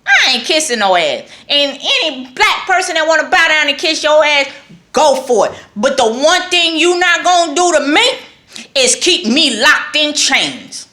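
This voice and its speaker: A woman's voice: high voice, sing-song, a little slow, sharp tone. A woman from New York with a New York accent, giving a blunt, emphatic political rant to her viewers and repeating lines for emphasis. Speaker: vlogger.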